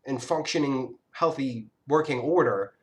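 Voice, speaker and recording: A man's voice: mid-range voice, a little slow. A man telling a personal story in an angry, profane, scattered rant, often restarting his sentences. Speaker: vlogger. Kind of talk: casual storytelling monologue.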